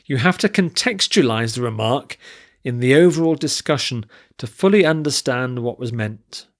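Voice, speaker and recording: A man's animated, mid-range voice carries an English vocabulary lesson. He takes it slow and deliberate, listing and spelling out word forms with their stress, then reading example sentences carefully.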